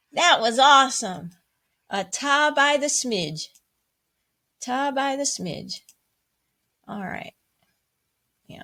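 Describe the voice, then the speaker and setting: Bubbly woman teacher whooping at the kids. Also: sharp tone. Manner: bubbly and playful, with high whoops and cheers; chants rhythm syllables and counts. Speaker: music teacher. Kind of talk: online music lesson for children.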